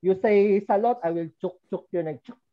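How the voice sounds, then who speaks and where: Woman teacher on a video call, kinda low voice, dull lo-fi online audio, keeps prompting the kids to answer. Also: fairly even intonation, brisk. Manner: patient, prompting, drills answers. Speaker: English teacher. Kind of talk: online class with young children. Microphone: computer mic on a video call.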